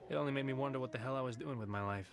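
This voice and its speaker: An actor playing a young male hacker who narrates his revenge plot in a calm, wry film voice-over. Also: mid-range voice, very fast, vocal fry, crowd noise, lightly acted. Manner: calm, wry first-person telling. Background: film score.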